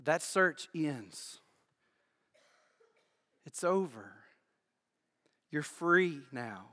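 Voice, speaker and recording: A man's voice: a little high, expressive, very slow, pauses often. Preaching man in an echoey hall. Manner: emphatic preaching with repeated phrases, swinging from loud to hushed. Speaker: pastor. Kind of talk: sermon. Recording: echoey hall with long reverb.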